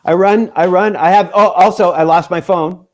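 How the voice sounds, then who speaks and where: Guy telling a wild story in a chill interview, bit higher voice, acts out everyone's lines. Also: normal speed. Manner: animated, acts out quotes, swears freely. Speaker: musician guest.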